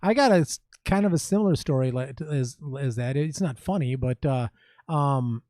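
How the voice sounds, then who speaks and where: A man, a musician guest on a podcast, telling stories in casual chat with many pauses and restarts. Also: medium pitch, darkish tone, no echo. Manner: halting, many ums and restarts.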